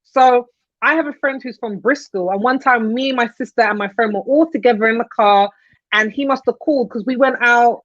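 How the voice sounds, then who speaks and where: A woman's voice: a little high, fairly quick, no echo. A young woman chatting on a podcast panel, telling stories and laughing often. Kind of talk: casual panel chat. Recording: dull lo-fi podcast audio.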